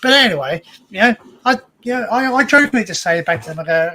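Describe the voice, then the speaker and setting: A man's voice: high-pitched, fast, sharp tone. A man with an Australian accent, chatting casually and telling rambling stories full of fillers. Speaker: co-host. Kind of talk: casual chat.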